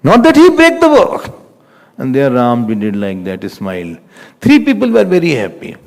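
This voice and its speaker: A man's voice: mid-range voice, moderate pace, gravelly. A man with an Indian English accent giving a religious discourse, telling stories with chuckles and quoting scripture. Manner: animated, chuckling storyteller, quotes scripture. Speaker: spiritual teacher. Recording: reverberant lecture hall.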